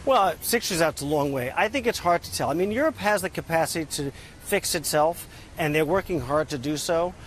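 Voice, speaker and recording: A man's voice: fairly high pitch, lively intonation, brisk, a little hiss or hum. A man in a news interview, answering as head of an export bank, upbeat and dotted with "uh" fillers. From United States. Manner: upbeat, talks in figures, frequent "uh" fillers.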